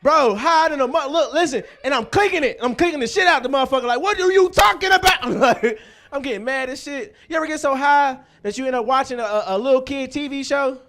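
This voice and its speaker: A man's voice: extremely high pitch, fast talker, a bit bright. A man hosting a comedy show, telling profane stand-up stories and bantering with the crowd.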